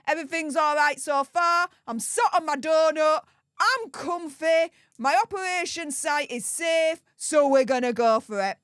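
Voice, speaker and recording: A woman's voice: sits high, a little slow, fairly bright tone, no echo, clean studio sound. A young woman with a Yorkshire accent, chatting upbeat on a live stream and thanking supporters by name. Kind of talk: casual live-stream chat.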